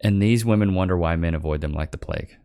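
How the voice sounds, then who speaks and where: A man's voice: low-pitched, fast, noisy background. A man hosting a reaction commentary, sarcastic and mocking, calling his viewers "chat" and "bro.". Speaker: host reacting to clips.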